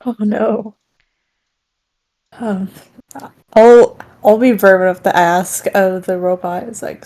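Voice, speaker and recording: A woman's voice: medium pitch, fairly even intonation, slow pace, pauses often, mellow. A woman playing in a tabletop role-play, hesitantly describing her character's actions. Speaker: player.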